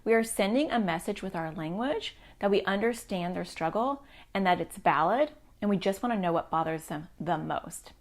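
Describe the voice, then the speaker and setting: A woman's voice: mid-range voice, animated, moderate pace. A middle-aged woman, a child therapist, giving parents advice to camera in a direct, reassuring way.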